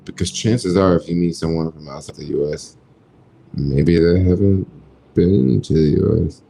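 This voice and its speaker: A man from the United States talks in a relaxed, slangy way while reading out and answering viewer comments. His voice sits very low, with a gravelly fry and a dark, mellow tone. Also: normal speed. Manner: laid-back and slangy, thinks aloud. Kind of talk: casual livestream chat.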